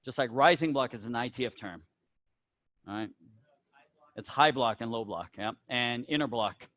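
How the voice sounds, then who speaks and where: A Southern man giving his instructors pointers in a relaxed, coaching tone, tagging lines with "right?" to check they follow. His voice sits at an ordinary middle pitch. The sound is dry and close, with almost no room echo. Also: moderate pace. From American South. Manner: casual, instructive, peppers talk with "right?" and "all right?". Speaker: taekwondo school head instructor. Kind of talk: instructor meeting talk.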